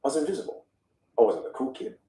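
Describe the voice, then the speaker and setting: A young man, a communication coach, telling stories in an animated way during a podcast interview. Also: medium pitch, fast, echoey room, distant mic, poor audio. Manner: animated, dramatic storyteller who acts out voices.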